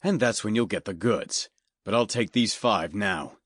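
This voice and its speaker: A man voicing a cold, ruthless hooded male stranger in an audiobook, speaking in a low, heavy, threatening snarl. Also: a little slow, a bit bright, husky, dry recording, clean studio sound. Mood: menacing. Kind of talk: audiobook character voice.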